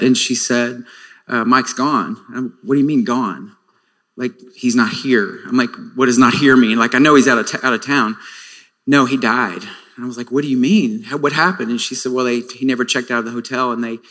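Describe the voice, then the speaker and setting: A man in his forties sharing a personal testimony in a sermon, earnest and reflective, often pausing with fillers and restarting his sentences. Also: medium pitch, bright, forceful tone, in a large hall.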